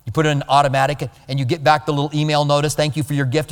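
A male pastor giving a conversational sermon, animated and now and then mimicking other people's voices. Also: fairly high pitch, very fast, in a large hall.

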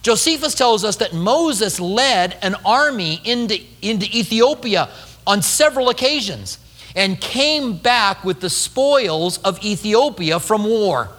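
A male pastor preaching a sermon, telling a story with lively acted-out quotes. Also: high voice, measured pace, big-room sound.

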